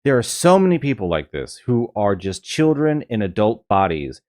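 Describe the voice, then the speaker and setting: A man's voice: lowish voice, sing-song, normal speed, a little mellow. A man giving reaction commentary, lecturing in an emphatic way.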